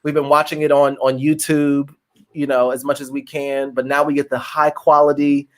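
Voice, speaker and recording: A man's voice: mid-range voice, level tone, normal speed. A man co-hosting a podcast in casual chat, effusive and full of fillers and restarts. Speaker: podcast co-host.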